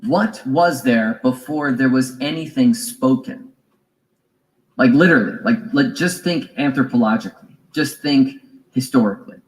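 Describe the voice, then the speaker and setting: A man giving a reflective spiritual lecture, musing and deliberate, with fillers and small asides. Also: mid-range voice, rough recording. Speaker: spiritual teacher.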